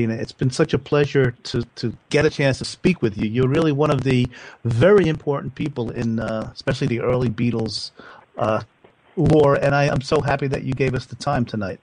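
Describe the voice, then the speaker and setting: Brief: male radio host, middle pitch, effusive, dry close sound. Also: darkish tone, no room sound, poor audio. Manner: chatty, effusive interviewer. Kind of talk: interview chat.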